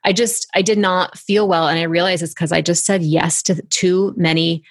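A woman's voice: lowish voice, steady tone, normal speed, no room sound. Female podcast co-host and coach, chatty and easy-laughing, dry close mic. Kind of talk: casual podcast chat.

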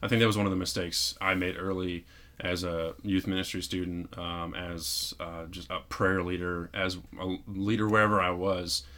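A man's voice: low-pitched, little pitch movement, bright, forceful tone. A man co-hosting a podcast, talking in an earnest, reflective casual chat. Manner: earnest, reflective, quick asides. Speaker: podcast co-host.

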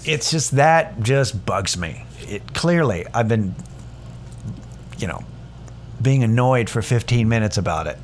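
A man's voice: medium pitch, animated, measured pace, long pauses, slight background noise. A man hosting a podcast, ranting sarcastically in a casual, profane, rambling monologue full of restarts. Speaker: podcast host.

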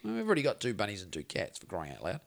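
A man's voice: fairly low pitch, rapid-fire, gravelly. A man with a New Zealand accent, co-hosting a podcast and telling rambling, sweary stories in casual chat. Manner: sweary, rambling, animated storytelling. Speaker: podcast co-host.

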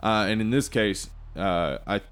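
A man's voice: lowish voice, measured pace, fairly bright tone. A man co-hosting a casual movie podcast, explaining things with many ums and uhs and laughing easily. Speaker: podcast co-host.

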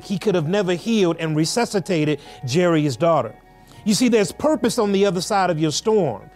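A male pastor preaching a sermon with rhythmic repetition and emphatic pauses. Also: high-pitched, expressive, a little mellow, soft background music.

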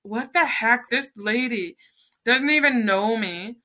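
Very bright-voiced woman telling her story. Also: a little high, slow. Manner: earnest, emotional storytelling. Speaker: podcast guest. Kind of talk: personal storytelling.

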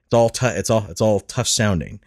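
A man's voice: lowish voice, a little fast, a little mellow. A man hosting a casual podcast, laughing often, swearing freely and rambling through restarts. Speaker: podcast host.

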